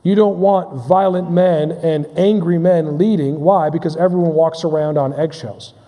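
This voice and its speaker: Preaching in a big hall with long reverb, this male pastor speaks in a warm, steady, fairly high voice. He halts and repeats words, restarts phrases, and keeps asking the congregation questions.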